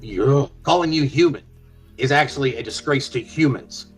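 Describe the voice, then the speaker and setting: A man's voice: mid-range voice, moderate pace, soft background music, poor audio. Furious, foul-mouthed man ranting. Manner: heated, profane, confrontational. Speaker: father speaking on a live panel. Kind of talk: angry rant.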